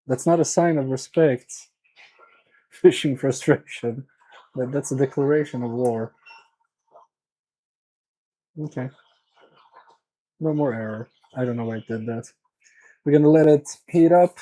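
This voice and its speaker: Man from Sweden, livestream repair host; dark, slightly husky voice, casual, half-talking to himself. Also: medium pitch, a little slow, long pauses, low-quality recording. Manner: chatty, muttering to himself and to chat. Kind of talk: casual live-stream chat while working.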